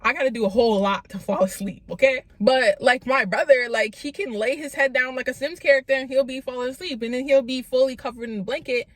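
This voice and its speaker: A young woman tells a storytime vlog with lots of slang, constantly addressing her viewers. Her voice sits a bit high. The sound is dry and close, with no room echo. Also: fast, few pauses. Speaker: vlogger.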